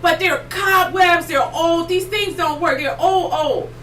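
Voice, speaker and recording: Woman host, excitable rambling storyteller, high bright voice, roomy distant mic. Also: a little slow. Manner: excitable, rambling, many fillers. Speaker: podcast host. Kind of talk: casual storytelling chat. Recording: roomy echo, distant mic, faint noise.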